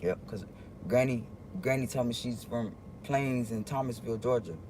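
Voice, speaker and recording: A man speaks straight to his viewers on a livestream, his voice sitting at an ordinary middle pitch. He rambles and stops often, restarting his sentences as he goes, in an earnest, confiding tone. A faint ambient hum stays in the background. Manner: rambling, halting, with many restarts. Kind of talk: casual livestream monologue.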